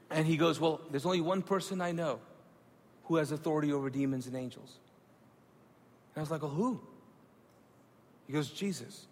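A man preaching a sermon, telling a personal story with animated acted-out dialogue and hushed moments. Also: sits high, fairly quick, in a large hall. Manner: animated, acts out dialogue with rising excitement then hushed reverence. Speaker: pastor.

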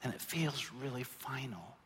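A man preaching a sermon as pastor, earnest, moving between quiet lines and loud emphatic ones. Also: mid-range voice, lively intonation, moderate pace, a little hiss or hum. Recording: long hall reverb.

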